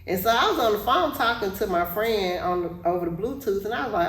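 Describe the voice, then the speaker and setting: A woman podcast co-host telling a story in casual chat, animated and laughing often. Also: medium pitch, fast, hardly any pauses, distant mic. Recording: echoey room, off-mic, faint noise.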